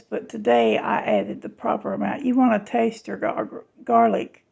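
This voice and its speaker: Lady cooking and chatting, super gravelly voice, kinda dark tone, calls everyone y'all. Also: fairly high pitch, fairly even intonation, a little slow, few pauses. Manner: chatty, folksy, talks to viewers as y'all and honey. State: just woke up, half awake. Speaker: home cook vlogger. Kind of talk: casual cooking vlog chat.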